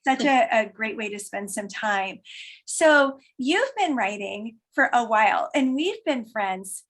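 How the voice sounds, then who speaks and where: A woman's voice: a little high, animated, measured pace, a bit bright. A woman hosting a casual interview about books, chatty and enthusiastic. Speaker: host.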